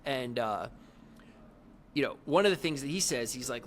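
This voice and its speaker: A man's voice: mid-range voice, lively intonation, normal speed, pauses often, slight background noise. Middle-aged guy hosting a podcast, rambly, lots of likes and you knows. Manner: rambling, lots of fillers and restarts. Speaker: podcast host. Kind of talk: casual conversational interview.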